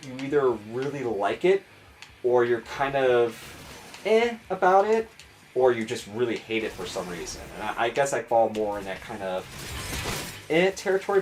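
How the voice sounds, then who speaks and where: Chatty man with a Chicago accent. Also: mid-range voice. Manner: rambling, chatty, self-mocking. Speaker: gaming streamer. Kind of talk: casual gameplay commentary.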